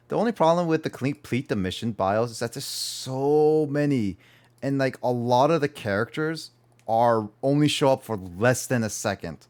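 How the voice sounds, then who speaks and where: A man's voice: medium pitch, moderate pace. A man streaming a video game, chatting casually and rambling, correcting himself as he talks. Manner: rambling, self-correcting, animated. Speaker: gaming streamer. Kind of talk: casual livestream chat.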